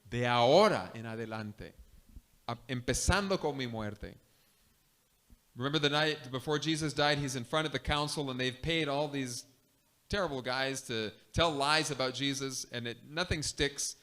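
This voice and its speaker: A man, a missionary preacher, giving an animated sermon that switches between two languages in a church. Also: mid-range voice, moderate pace. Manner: animated storytelling. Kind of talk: bilingual sermon.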